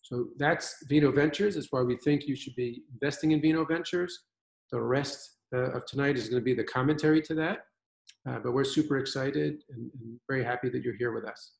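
A man's voice: medium pitch, a little fast, creaky, reverberant, low-quality recording. A man presenting his wine fund on a video call from his own winery, upbeat and confident. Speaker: fund managing partner presenting.

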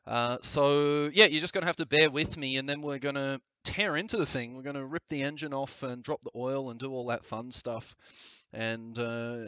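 A man's voice: mid-range voice, a bit bright, smooth, no echo, dull audio. A man with an Australian accent chatting on a live stream, rambling with lots of fillers and casual swearing. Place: aircraft hangar in winter.

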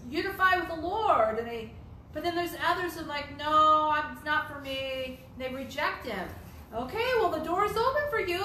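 Teaching a Bible study, this woman speaks with a very high-pitched, pushed, bright voice, and there's slight background noise. The room echoes as she repeats herself emphatically and poses rhetorical questions.

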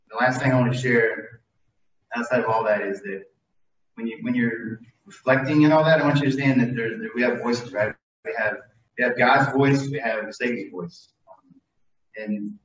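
A man's voice: on the low side, slight background noise. Rambling man talking in a roomy echo. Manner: rambling and conversational, many fillers and restarts. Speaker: lay speaker leading communion. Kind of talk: informal devotional talk. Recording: distant, muffled mic in an echoey room.

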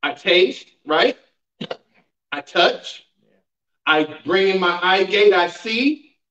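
A man's voice: high voice, animated, slow pace, a bit bright. A man pastor teaching a Bible class, preaching emphatically with call-and-response and rhetorical questions to the congregation. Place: church sanctuary. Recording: roomy, dull sound from a distant mic.

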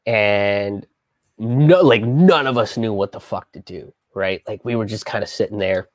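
Halting man telling a personal story. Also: fairly low pitch, no room sound. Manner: halting, with many restarts and swearing. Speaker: comedian telling a personal story on a live stream. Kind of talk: casual storytelling on a live stream.

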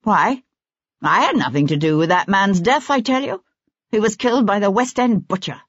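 A woman's voice: medium pitch, lively intonation, moderate pace, breathy edge, dry recording, highs cut off, voice pushed up. A woman voicing a hot-tempered one-armed army captain in an audiobook, curt and demanding.

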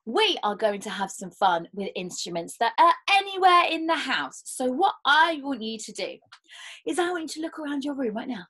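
A woman storyteller leading children through playful movement games, with animated exclamations and gasps. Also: high-pitched, moderate pace, slightly rough.

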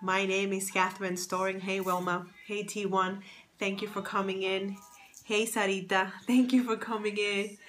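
Woman, casual live-stream host, bright tone, chatty and upbeat, welcomes viewers by name. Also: medium pitch, little pitch movement, moderate pace, a little hiss or hum. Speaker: livestream host, fashion stylist and confidence coach. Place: at home near Boston. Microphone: phone.

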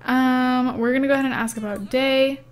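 A woman's voice: high-pitched, steady tone, moderate pace. A young woman casually narrating her life-simulation game as a gaming YouTuber, chatty and giggly, with lots of "um" and "like". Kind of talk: casual let's-play commentary.

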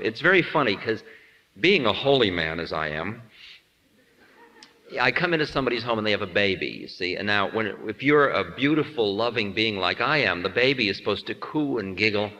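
A man delivers a spiritual talk with a bright, ringing tone and a pitch that moves freely up and down. He is playful and self-mocking, and he acts out small scenes as he goes. His voice carries a long hall reverb. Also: sing-song, normal speed, muffled recording. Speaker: spiritual teacher.

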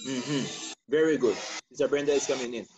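A man's voice: medium pitch, fairly quick, a little mellow, slight background noise. A man leading a church training course over a call, asking questions and affirming answers with frequent murmurs.

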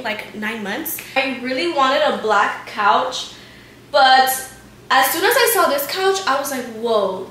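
A woman's voice: high voice, sharp tone, recorded from a distance, a little hiss or hum. A young woman chatting casually to camera as she gives a tour of her home, gushing and saying "like" a lot. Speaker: vlogger giving a house tour. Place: living room of a home, indoors. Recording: echoey room, voice off-mic.

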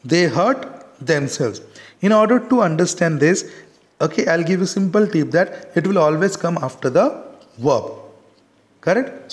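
A man teaching a grammar lesson, stressing example words and checking in with "correct?" again and again. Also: fairly high pitch. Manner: repeats "correct?" and "got it?" often, stresses example words slowly.

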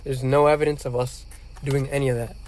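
A man's voice: mid-range voice, level tone, a little fast, darkish tone. A young man co-hosting a podcast, joking and teasing in slangy casual chat. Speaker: podcast co-host.

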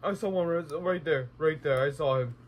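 A man's voice: on the high side, normal speed, slight background noise, low-quality recording. A young man commentating a horror game let's play, talking to himself and exclaiming at scares. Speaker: gaming YouTuber.

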